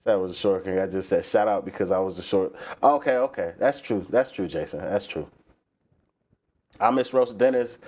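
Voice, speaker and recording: A man from the East Coast US with a fairly low voice hosts a relaxed live stream. He talks casually and profanely, riffing on topics and answering his chat as he goes. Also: normal speed. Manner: profane, animated, rants and reads chat aloud. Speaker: livestream host.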